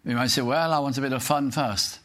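Older British male preacher; earnest, slow sermon delivery with hymn recitation. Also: mid-range voice, a bit bright.

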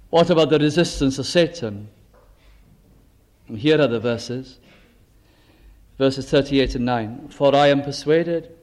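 A man with a high voice preaches at an unhurried, measured pace. He poses rhetorical questions to his listeners and lays out words one at a time. His delivery is deliberate and steady throughout. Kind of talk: sermon.

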